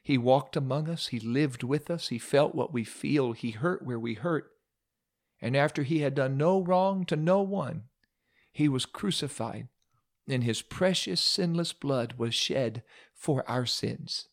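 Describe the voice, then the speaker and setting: A man's voice: mid-range voice, unhurried. Male preacher, dramatic sermon storyteller with wry asides.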